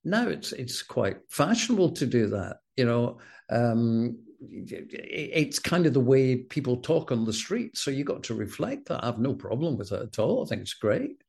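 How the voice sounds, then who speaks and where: A middle-aged Scottish man, a former broadcast announcer, telling stories with wry self-deprecating humour in a relaxed interview. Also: medium pitch, normal speed, vocal fry, hardly any pauses, breathy edge. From Scotland. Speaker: former television continuity announcer, guest.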